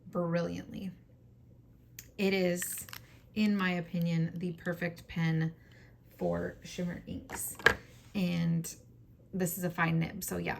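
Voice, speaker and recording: Woman, low, gravelly and hoarse, chatty and enthusiastic, faint hiss behind. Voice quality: scratchy, hoarse voice. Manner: chatty, enthusiastic, many fillers. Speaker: fountain pen vlogger. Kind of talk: casual show-and-tell.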